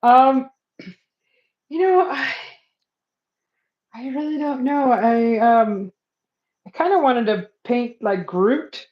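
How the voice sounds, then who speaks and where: A woman's voice: on the high side, lively intonation, slow pace, pauses often, reverberant, dull audio. A woman hosting a casual art livestream, hesitant and self-deprecating, chuckling often.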